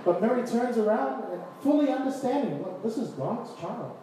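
A man preaching a sermon, animated, acting out scripture scenes with voices and laughter. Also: very high voice, moderate pace, noisy background. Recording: echoey hall, distant mic, faint ambience.

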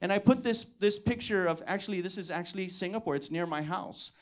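A man's voice: high-pitched, brisk. A man preaching to his church, telling a personal testimony and acting out the dialogue in it, with repeated calls of "come on". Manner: storytelling, acts out dialogue, exhorts with "come on". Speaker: pastor.

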